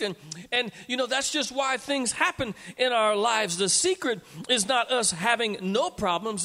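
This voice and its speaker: A man preaching a sermon to his church, rising to loud emphatic peaks. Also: extremely high pitch. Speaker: pastor. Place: church sanctuary. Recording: long reverb of a church hall.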